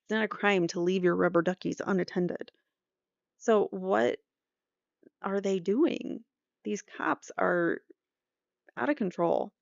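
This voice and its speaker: Woman podcast host, low gravelly voice, sarcastic and chatty, dry lo-fi recording. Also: slow pace, pauses often, no room sound. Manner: sarcastic, chatty, laughs at her own asides. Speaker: true crime podcast host. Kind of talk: casual commentary reading an article aloud.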